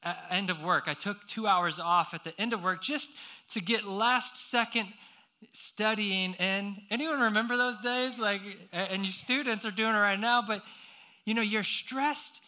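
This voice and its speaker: A man's voice: sits high, unhurried, bright, forceful tone. A young man preaching a sermon, telling a personal story with lots of fillers and restarts before turning to scripture.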